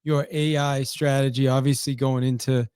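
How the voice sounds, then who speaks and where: A man's voice: medium pitch, level tone, moderate pace, a little mellow, clear, resonant tone, no room sound, studio quality. A middle-aged man hosting an interview, easygoing and prone to short affirmations and loose questions. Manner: easygoing, with brief listening affirmations. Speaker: podcast host. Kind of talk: casual interview chat.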